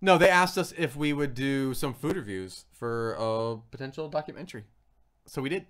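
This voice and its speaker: A man's voice: mid-range voice, moderate pace, fairly bright tone. A man hosting a food review channel, chatting casually on a livestream and putting on silly voices when he quotes people.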